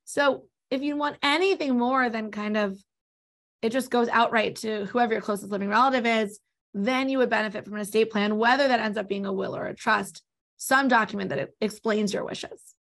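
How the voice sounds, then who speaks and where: A woman with a Californian accent, an estate planning attorney answering interview questions in a quick, explanatory way. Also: fairly high pitch, fairly bright tone. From born in New York, raised in Los Angeles. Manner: talks fast, explanatory.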